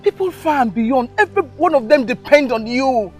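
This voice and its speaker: A woman's voice: sits high, lively intonation, moderate pace, a little mellow, soft background music. An actress playing a fierce, emotional village mother who pleads and scolds, in a film drama. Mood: distraught. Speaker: mother of the healer. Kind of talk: Nollywood film acting.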